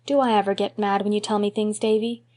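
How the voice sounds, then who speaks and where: A woman reading an audiobook, voicing a gentle, patient young woman who speaks softly and reassuringly. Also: mid-range voice, flat delivery, fast, natural voice. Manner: gentle, soft-spoken, reassuring.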